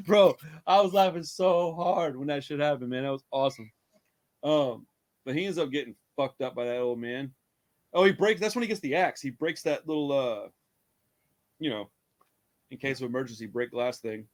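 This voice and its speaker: At a moderate pace and medium pitch, a man recaps a horror film as a podcast co-host. The chat is casual and profane, meandering along with frequent laughter and plenty of swearing.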